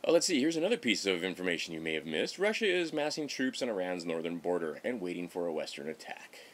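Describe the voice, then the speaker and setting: Middle-aged male vlogger, lowish voice, sarcastic off-the-cuff political ranting with frequent restarts. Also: big pitch swings, quick pace, fairly bright tone. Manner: rambling, sarcastic, self-interrupting. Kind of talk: casual political commentary.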